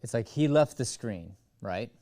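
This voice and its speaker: A man's voice: medium pitch, lively intonation, unhurried, dark tone, no echo, studio quality. A man coaching an online acting class, in a loose, rambling, casual way over a video call. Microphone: webcam or phone on a video call.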